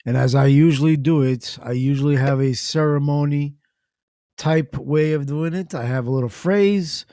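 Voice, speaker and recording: A man hosting an internet radio talk show, chatting in a relaxed, conversational way. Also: fairly high pitch, normal speed, dry recording, clean studio sound. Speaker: podcast host. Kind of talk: casual talk show chat.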